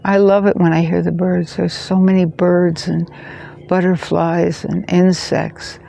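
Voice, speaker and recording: A woman in her seventies, a farmer, telling stories to the camera in a gushing way that drifts into soft whispers. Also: lowish voice, little pitch movement, unhurried, vocal fry, no echo. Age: 70s. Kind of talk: casual storytelling to camera.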